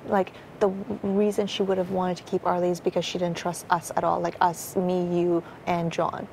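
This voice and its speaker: A woman's voice: on the low side, completely flat delivery, moderate pace, gravelly, darkish tone, a little hiss or hum, low-quality recording. A young woman talking strategy in a casual, rambling way, full of fillers and swearing. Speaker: reality show contestant.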